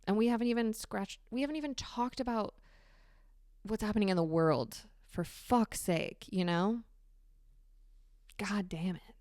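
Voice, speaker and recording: A woman hosting a solo podcast, talking candidly and swearing freely with animated emphasis. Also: mid-range voice, moderate pace, dry recording, studio quality. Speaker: podcast host. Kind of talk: casual solo podcast monologue.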